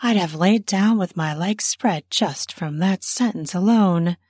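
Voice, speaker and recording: A woman narrating an erotic story in the first person, soft and breathy, sometimes dropping to a whisper. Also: lowish voice, unhurried, no room sound, clean studio sound.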